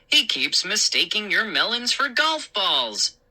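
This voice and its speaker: A woman's voice: mid-range voice, big pitch swings, unhurried, pushed and bright, slightly rough, pitched above the performer's own voice, full character voice, low-quality recording. A woman voicing a cheerful, joking father in a storybook reading. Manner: jokey, upbeat.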